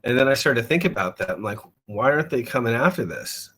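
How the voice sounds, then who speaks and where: A man as a musician guest in a casual interview, talking in a halting way and often repeating words as he thinks. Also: medium pitch, lively intonation, bright, forceful tone, husky, rough recording.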